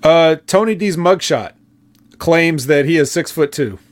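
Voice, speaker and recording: A man's voice: fairly high pitch, expressive, unhurried. A man co-hosting a wrestling review podcast, recapping events in a laid-back way with fillers. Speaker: podcast co-host.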